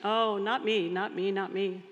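A woman's voice: mid-range voice, fairly even intonation, unhurried, in a large hall, muffled recording, a little hiss or hum, lightly acted. A woman priest voicing a cow, pig and horse from a children's story in a lazy, sing-song chorus.

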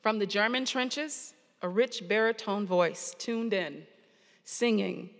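Woman preaching in a reverberant church. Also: mid-range voice. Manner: earnest storytelling with pauses. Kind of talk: sermon. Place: church sanctuary. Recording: long hall reverb.

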